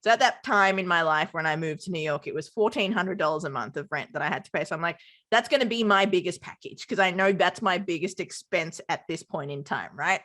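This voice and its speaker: A woman's voice: lowish voice, fairly quick, a bit bright. A woman, a podcast company founder, talking things through with an interviewer in a reflective, affirming way. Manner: affirming, reflective, talks with lots of "like". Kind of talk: conversational interview.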